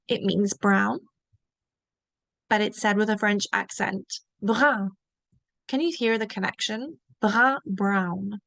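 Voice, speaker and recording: A woman teaching a beginner French lesson, modelling each word slowly and asking learners to repeat it. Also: mid-range voice, dry recording. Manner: slow, drawn-out modelling of each word for repetition.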